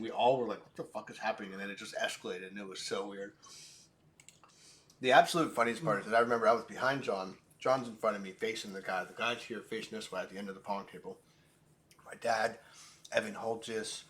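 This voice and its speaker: A young man co-hosting a sports podcast, telling a story in casual chat with lots of "like" and swearing. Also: fairly low pitch. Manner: animated, profane storyteller, many "like" fillers. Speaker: podcast co-host.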